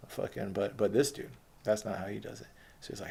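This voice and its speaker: A man's voice: on the low side, steady tone, fast talker, gravelly, mellow, a little hiss or hum. A man telling a rambling, profane, streetwise story from his own life in casual speech.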